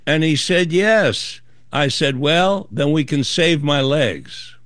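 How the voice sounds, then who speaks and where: Speaking slowly in a fairly high pitch, the male author and guest narrates a story during an interview and voices the people in it like an animated performer. Sound is dry and studio-clean.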